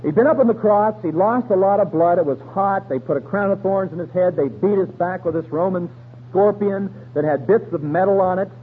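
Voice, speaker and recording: Folksy high-voiced radio preacher. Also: male voice. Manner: folksy, colloquial storytelling with slang. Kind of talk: radio sermon. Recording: tinny radio broadcast with faint hum.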